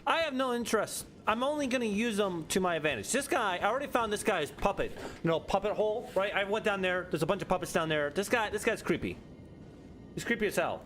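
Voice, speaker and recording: A man's voice: sits high, expressive, quick pace, a bit bright, a little hiss or hum. A young man streaming a video game, joking and talking back to the characters. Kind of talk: casual gameplay commentary.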